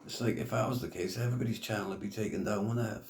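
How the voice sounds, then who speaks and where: A man's voice: lowish voice, steady tone, very fast, gravelly, darkish tone, roomy sound. A middle-aged man ranting casually to camera, blunt and full of swearing and slang. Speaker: YouTube commentator.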